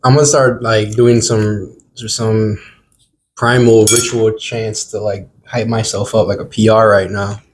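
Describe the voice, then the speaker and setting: A man's voice: lowish voice, little pitch movement, unhurried, a little hiss or hum. A man co-hosting a casual podcast while eating, with playful, exaggerated reactions and lots of "bro". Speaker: podcast co-host.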